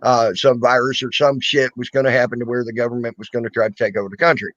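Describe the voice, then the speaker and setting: A man's voice: mid-range voice, level tone, fast, fairly bright tone, highs cut off, faint music behind. A man hosting a casual online talk show, rambling and joking crudely. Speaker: host.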